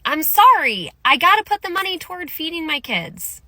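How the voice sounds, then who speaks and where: A woman rants with sarcastic exasperation. Her voice is high and bright, and it swoops widely up and down. The sound is dry and close. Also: very animated, moderate pace, hardly any pauses, dry recording. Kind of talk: sarcastic rant.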